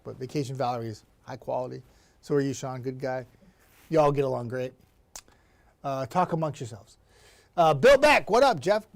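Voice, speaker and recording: A male TV meteorologist chatting casually on a livestream, upbeat and talkative, laughing often and greeting viewers by name. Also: medium pitch. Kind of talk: casual livestream chat reading viewer comments.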